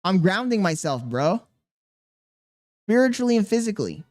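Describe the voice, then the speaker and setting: A man's voice: sits high, big pitch swings, normal speed, darkish tone. Defensive rambling male streamer. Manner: defensive, rambling, questioning his chat. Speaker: livestreamer. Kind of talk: casual livestream chat.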